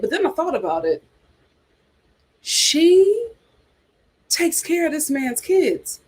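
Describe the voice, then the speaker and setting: Sassy, animated woman livestream host. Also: high voice. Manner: animated, sassy, reads viewer super chats aloud. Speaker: reality TV commentary livestream host. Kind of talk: casual livestream commentary.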